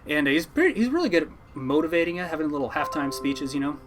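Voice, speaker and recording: A man, a fishing boat captain, telling stories from his life at sea to a podcast host in a lively, laughing way. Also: on the high side, quick pace, background noise. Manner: animated yarn-spinner, laughing at his own story. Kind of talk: casual storytelling.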